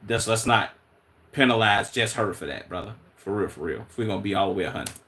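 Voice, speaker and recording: A man's voice: fairly low pitch, quick pace. Laid-back streamer man with a Chicago accent. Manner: relaxed, thinking aloud with slang and restarts. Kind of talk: casual live-stream commentary.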